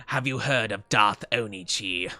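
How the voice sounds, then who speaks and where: Young man doing a sinister space villain voice, low and gloating, theatrical, over soft background music. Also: no echo. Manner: slow, gloating, theatrical menace. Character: menacing deep-voiced male sci-fi villain lord.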